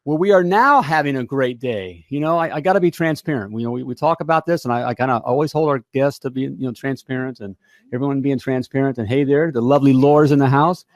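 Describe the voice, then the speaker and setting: Upbeat rambling American talk show host. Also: male voice, mid-range voice, fairly even intonation, fast, darkish tone, dry recording, studio quality. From United States. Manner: upbeat, rambling, full of fillers and repeats. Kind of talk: casual live show chat. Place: home studio.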